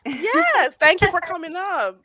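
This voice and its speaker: A woman's voice: very high-pitched, sing-song, a little slow, bright, forceful tone, slight background noise, poor audio. A woman hosting a casual live chat stream, chatty and laughing as she questions her guests.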